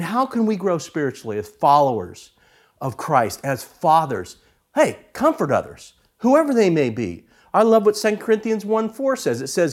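A middle-aged man preaching with a lively, swinging voice that climbs and falls through his stories. His pitch sits a little high for a man, and he keeps a humorous, animated storytelling manner as he preaches. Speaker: pastor. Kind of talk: sermon.

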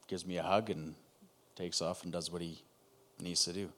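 Man in his thirties, very low voice, emotional first-person testimony on a video call with halting pauses. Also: fairly even intonation, fairly bright tone. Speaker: guest telling his story.

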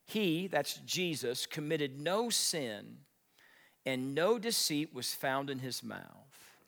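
A man preaching a sermon, telling stories with big swings, shouting at the high points and dropping to a whisper. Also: very animated, takes it slowly, creaky. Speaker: pastor. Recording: long hall reverb.

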